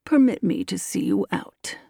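Woman reading a slow, courtly old colonel. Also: mid-range voice, gravelly, dark tone, dry recording, clean studio sound. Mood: bland courtesy. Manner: slow, measured, politely grave. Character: courtly older male Southern colonel lawyer, bland and deliberate.

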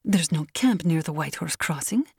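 A woman voicing a proud young ranch woman who speaks in a deliberate, saccharine contralto. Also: low voice, animated, a little mellow, slightly rough, no room sound, studio quality, exaggerated voice. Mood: doubtful.

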